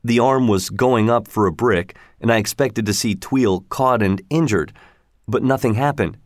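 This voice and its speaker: A man narrates a story in a steady, measured way. His voice sits in a middle pitch. The recording is dry and close. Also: dry recording. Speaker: audiobook reader. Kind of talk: scripted narration.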